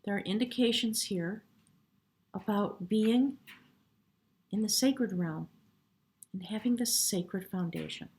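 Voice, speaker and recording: A woman giving a spiritual tarot reading in a soft, reverent way, sometimes dropping to a hush and getting choked up. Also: medium pitch, takes it slowly, long pauses, slight background noise. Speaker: tarot reader.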